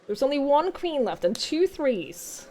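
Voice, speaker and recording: Her voice is high, with big swings in pitch and a measured pace, and some chatter can be heard behind her. As she streams her own game, she talks to it, swears, laughs and thinks through moves aloud, her volume rising from muttering to yelling.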